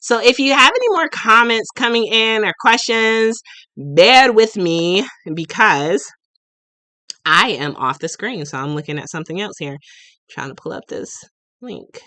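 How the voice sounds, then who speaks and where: A chatty woman in her late thirties hosts a casual live stream. Her voice is bright and forceful, set at a middle pitch. The sound is close and dry, and she is goofy and quick to laugh. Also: expressive, no echo. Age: late 30s. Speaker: livestream host and shop owner.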